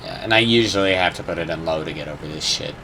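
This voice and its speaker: This young man's voice sits low and runs fast as he chats over his gameplay, with background noise present. He's rambling and hesitant, dropping the odd swear word and humming little sound effects along the way.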